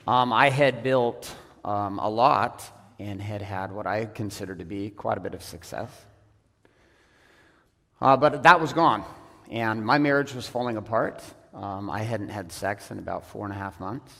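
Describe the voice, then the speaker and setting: A man's voice: on the low side, unhurried, gravelly, pushed and bright. A man speaking to a seminar audience, telling his own story in a blunt, profane way with frequent ums. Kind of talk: personal story told to an audience. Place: large event hall. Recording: echoey hall.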